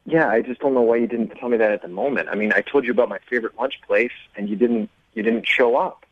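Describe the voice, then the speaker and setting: A man's voice: mid-range voice, fast, no echo. A man calling in to a radio show, earnest and a little wounded. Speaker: caller. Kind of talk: casual phone call on radio. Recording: muffled phone line.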